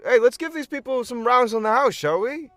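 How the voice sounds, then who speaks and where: A man putting on a jolly Eladrin tavern patron whose voice jumps high and bright as he thanks the heroes. He is hearty and effusive, playing host to strangers in a tabletop fantasy tavern, and the voice sits dry and close. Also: animated, fairly quick, no room sound, soft background music.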